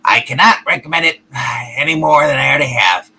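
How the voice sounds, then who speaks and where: A woman voicing a gruff, bossy male puppet in a deep put-on voice. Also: expressive, fairly quick, sharp tone, slight background noise, exaggerated voice, low-quality recording. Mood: mock-gloomy.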